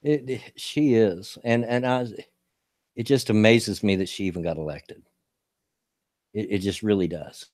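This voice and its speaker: A man's voice: lowish voice, measured pace, long pauses, darkish tone, no room sound, studio quality. A middle-aged man from Kentucky with a Southern accent, hosting a casual political chat show in a folksy way, often stumbling over repeated words. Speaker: show host.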